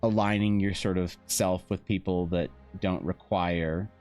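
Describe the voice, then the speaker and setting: A man's voice: low-pitched, fairly even intonation, measured pace, darkish tone, soft background music. A man chatting casually with his stream viewers, telling rambling stories full of swearing. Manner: profane, rambling storytelling. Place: home.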